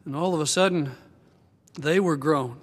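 An older man delivers an earnest, reflective sermon, his voice sitting a little high. He slows and softens at tender moments. His words carry a long reverb from a large church hall. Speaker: pastor.

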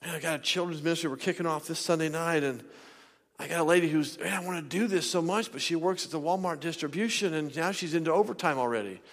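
A man preaching a sermon in a church, swinging between loud shouting and near whispers. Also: a little high, fast, big-room sound. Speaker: pastor. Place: church sanctuary.

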